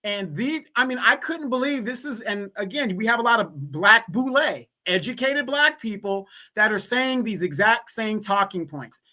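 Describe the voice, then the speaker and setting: A woman hosts a live-stream commentary, her bright voice pressing each point as she rants. She keeps slipping into mocking quoted voices before answering them herself. Her pitch sits mid-range for a woman. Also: expressive, normal speed, few pauses. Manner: ranting, mocks others in quoted voices.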